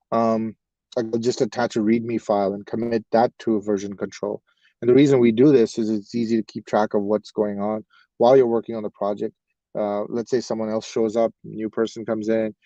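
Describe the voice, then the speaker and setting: A man's voice: lowish voice, dark tone, no room sound. Man, webinar instructor, casual rambling lecture, dry close sound, dull lo-fi audio. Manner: rambling, frequent fillers and restarts.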